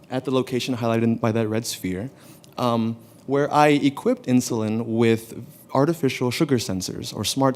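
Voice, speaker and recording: A man's voice: medium pitch, a little mellow. Young male grad student, earnest explainer, mid-range voice, light room noise. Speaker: graduate student presenter. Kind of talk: research presentation to an audience. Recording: faint background noise of a room.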